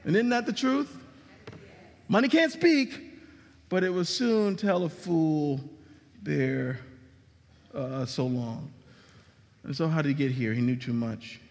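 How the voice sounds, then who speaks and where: Man, pastor, sermon, high voice, emphatic dramatic delivery, long reverb. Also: slow pace, pauses often, darkish tone. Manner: emphatic preaching with dramatic drops and rises in pitch.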